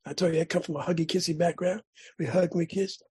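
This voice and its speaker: Very raspy man telling his story. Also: fairly high pitch, fairly even intonation, fast talker, darkish tone. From California. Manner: dramatic storyteller, repeats phrases for emphasis. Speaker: speaker at a recovery meeting. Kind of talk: personal recovery story share.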